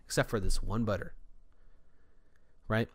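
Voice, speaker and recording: A man's voice: on the low side, fairly even intonation, unhurried, no echo. A man who runs a store department, telling a rambling, frustrated story to his viewers in a casual rant. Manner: frustrated, venting.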